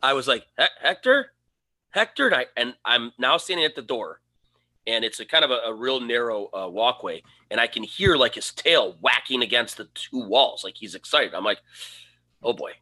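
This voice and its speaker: This man, co-hosting a podcast, has a medium-pitched voice and talks a little fast. He spins a casual tale, animatedly voicing his own quoted lines.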